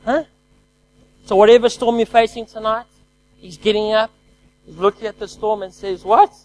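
A man preaching a lively sermon who calls out to his congregation and swings between loud exclamations and quiet, hushed lines. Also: high voice, moderate pace, low-quality recording. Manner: energetic call-and-response preaching.

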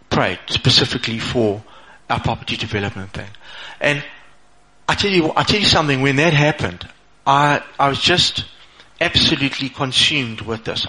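Man, middle-aged, bright tone, informal motivational talk, repeats "okay?". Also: medium pitch, poor audio. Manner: conversational, repeats "okay?" often, restarts phrases. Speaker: speaker sharing a personal testimony.

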